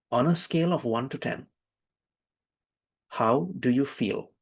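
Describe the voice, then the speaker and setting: A man's voice: medium pitch, takes it slowly, pauses often. Man leading a breathing workshop. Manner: animated, calls for attention, repeats phrases. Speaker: workshop instructor. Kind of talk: online workshop teaching with guided breathing.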